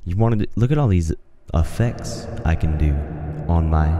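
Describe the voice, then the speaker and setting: A man's voice: low voice, expressive, moderate pace, noisy background. A young man hosting a casual solo podcast, talking in a rambling, hesitant way with many restarts and fillers into a home studio mic. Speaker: podcast host. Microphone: studio mic on a home mixer setup.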